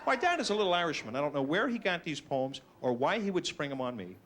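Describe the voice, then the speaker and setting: A man doing a stand-up routine, self-mocking and animated, slipping into silly voices. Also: a little high, fast talker. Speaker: stand-up comedian.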